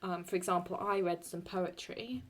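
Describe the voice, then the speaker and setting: A young woman explaining Latin verse in a casual, halting way, often stopping to correct herself as she writes. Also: lowish voice, steady tone. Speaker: Latin teacher.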